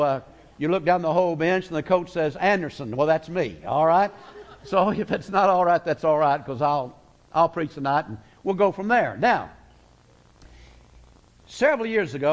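A middle-aged man preaching a folksy, emphatic sermon as a guest preacher in a church. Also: on the high side. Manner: folksy, emphatic, slows words for weight. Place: church sanctuary.

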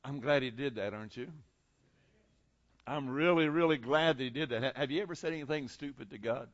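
A male pastor preaching a sermon, emphatic and repetitive, often restarting his sentences and swinging between loud and soft. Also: mid-range voice, brisk, no echo, highs cut off.

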